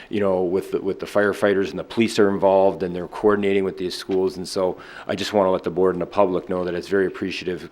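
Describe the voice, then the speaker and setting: Very deep-voiced man giving meeting remarks. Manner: loose and conversational, with many fillers and restarts. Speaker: school superintendent. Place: public boardroom.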